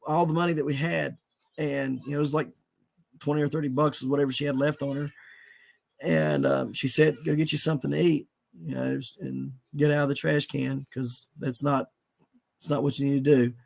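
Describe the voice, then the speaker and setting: A middle-aged man tells a moving personal story in an earnest, halting way, full of restarts. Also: on the high side, flat delivery, vocal fry. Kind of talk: emotional storytelling in conversation.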